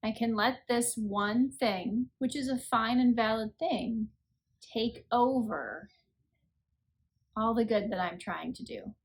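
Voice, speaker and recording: Tired woman sharing a gentle reflection. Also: on the high side, slow, gravelly, husky. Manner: earnest, conversational, self-deprecating. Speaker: podcast host. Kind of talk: reflective faith podcast talk.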